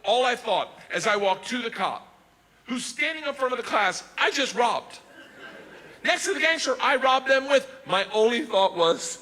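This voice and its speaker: A man telling a long stand-up story, animated, breaking into loud bursts when he quotes himself, recorded on a comedy stage. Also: extremely high pitch, normal speed, big-room sound, rough recording.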